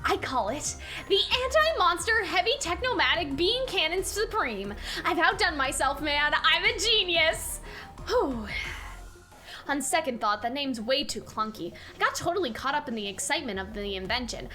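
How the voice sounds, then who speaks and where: Nerdy young inventor guy, read by a woman, gushing, bright and animated. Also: high-pitched, soft background music, heavily acted. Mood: excited. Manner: rapid, gushing, self-congratulating.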